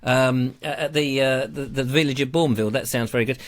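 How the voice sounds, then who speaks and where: A man's voice: mid-range voice, steady tone, brisk. A middle-aged English man hosting a live online show, chatting casually and reading out viewer comments in a rambling, playful way.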